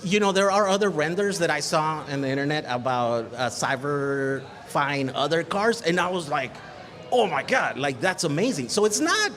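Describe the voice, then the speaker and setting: A man's voice: on the high side, animated, normal speed, hardly any pauses, a bit bright. A man speaking as a guest in casual chat at a live event, frank and chatty, laughing often. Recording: crowd chatter behind.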